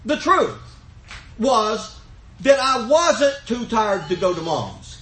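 Man, older, preacher, folksy and fervent, lively high voice, echoey church room. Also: slow, slight background noise. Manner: folksy storytelling, rising to fervent emphasis. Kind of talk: sermon.

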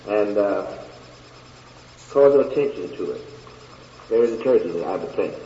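A man preaching a sermon and reading scripture slowly and deliberately, with long pauses between phrases. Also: mid-range voice, darkish tone, reverberant, long reverb tail, lo-fi sound, a little hiss or hum.

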